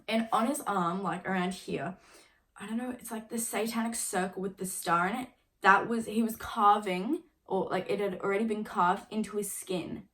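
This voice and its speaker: A woman's voice: medium pitch, steady tone, normal speed, a bit bright. Chatty young woman telling a storytime. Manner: chatty, filler-heavy with constant "like"; swears casually while retelling. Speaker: vlogger. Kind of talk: casual storytime vlog.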